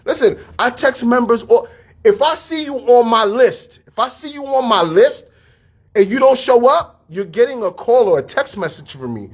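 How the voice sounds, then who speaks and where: A man giving a casual motivational talk, energetic and full of street slang, repeating his phrases. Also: very high voice, moderate pace. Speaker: fitness studio staff and podcast host.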